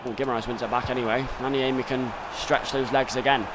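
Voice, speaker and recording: A man streaming a football game, commentating live and swinging between muttering and excited shouting. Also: medium pitch, fast, heavy background noise.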